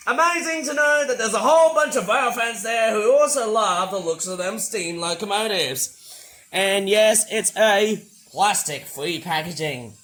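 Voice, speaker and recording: A man with a hoarse, sore-throated voice talks through a toy unboxing in a casual, rambling way, breaking into loud excited bursts. His voice sits high and sounds bright and tense despite the hoarseness. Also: a little slow, slight background noise, poor audio. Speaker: toy reviewer.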